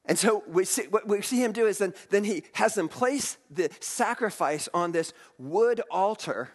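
Brief: high-voiced male preacher, animated delivery, reverberant hall. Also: moderate pace, husky. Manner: animated, restarts often, reads scripture aloud. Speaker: pastor. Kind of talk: storytelling sermon.

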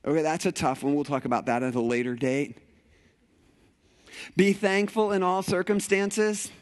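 A man preaching a conversational sermon in a church sanctuary, animated and playful with rhetorical questions. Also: on the high side, moderate pace. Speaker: pastor.

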